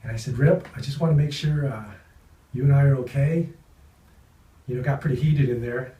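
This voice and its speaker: A man in an interview, telling stories from a film set with lively energy and acting out the people he quotes. His voice sits at an ordinary pitch. It sounds a bit distant, in a reverberant room. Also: a little fast. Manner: animated, acts out quoted voices. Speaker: actor interviewed. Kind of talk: anecdotal storytelling. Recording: roomy sound from off-mic.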